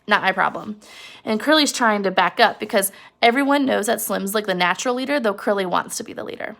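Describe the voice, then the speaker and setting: A woman's voice: medium pitch, expressive, moderate pace, creaky, a bit bright. A woman teacher casually retelling a novel chapter, explaining and checking in with her listeners. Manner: chatty, explanatory, frequent check-ins like "right?". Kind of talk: casual recorded lesson summarizing a novel chapter.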